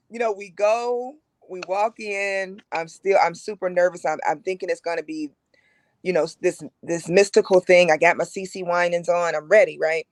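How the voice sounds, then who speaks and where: A woman's voice: lowish voice, no room sound. Candid woman telling her own story. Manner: animated, frank, acts out quoted voices. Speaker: guest sharing her infertility story. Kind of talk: candid storytelling on a broadcast talk.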